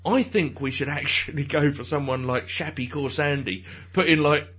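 A man's voice: fairly high pitch, normal speed, fairly bright tone, husky. A man, chatting casually as a podcast co-host, rambling and swearing and laughing often. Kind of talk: casual banter.

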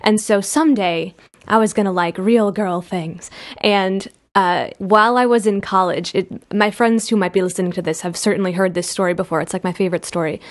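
Woman, conversational storyteller, animated quoting. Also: medium pitch, a little fast. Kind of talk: casual chat.

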